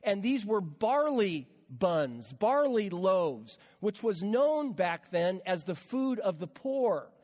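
A man's voice: high-pitched, darkish tone, long reverb tail. A man preaching a conversational sermon as a pastor, with repeated words and casual asides to the congregation.

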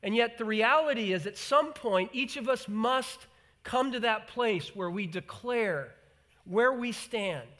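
A man preaching a sermon in an animated way, acting out the voices he quotes and repeating words for emphasis. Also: extremely high pitch, measured pace. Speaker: pastor.

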